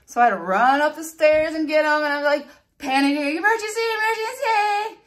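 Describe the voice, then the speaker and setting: A woman beauty vlogger telling stories and walking through a hair tutorial in a chatty, animated way. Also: sits high, fairly quick. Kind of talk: casual storytelling and hair tutorial.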